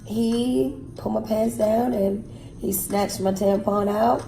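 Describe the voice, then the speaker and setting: Flat, gravelly woman in an echoey room. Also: medium pitch. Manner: frank, measured, with frequent pauses and fillers. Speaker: guest telling her own story. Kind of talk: personal testimony in an interview. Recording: echoey room with faint music.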